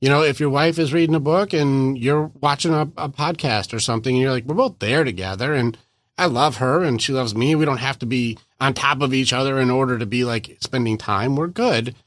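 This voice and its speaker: A male podcast host chatting in a loose, animated way. He keeps acting out small everyday exchanges in playful voices. He sits close to the mic, so the sound is dry. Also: medium pitch, fairly quick, no echo. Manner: animated, acts out little quoted exchanges in lively voices. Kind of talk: casual conversational interview.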